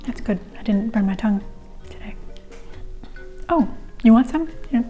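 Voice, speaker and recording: A woman's voice: on the high side, expressive, normal speed, warm tone, faint music behind. A young woman chatting casually through a home cooking vlog, giggly and rambling with little asides. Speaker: home cook vlogger.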